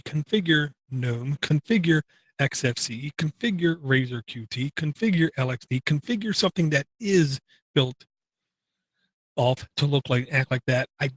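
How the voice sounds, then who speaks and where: A man's voice: a little high, dry recording. An older man co-hosting a casual tech podcast, talking in a blunt, opinionated and grumpy way. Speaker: podcast co-host.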